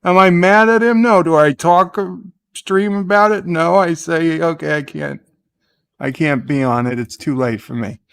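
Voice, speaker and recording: A man's voice: fairly high pitch, normal speed, creaky, a bit bright, clean tone, dry recording, clean studio sound. A man hosting a casual live-stream chat, rambling through a point and reading viewer comments aloud. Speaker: host.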